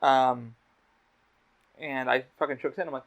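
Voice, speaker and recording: A man hosting a casual podcast, telling stories in a blunt, animated way with a lot of swearing. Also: medium pitch, normal speed. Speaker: podcast host. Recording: slightly dull lo-fi audio.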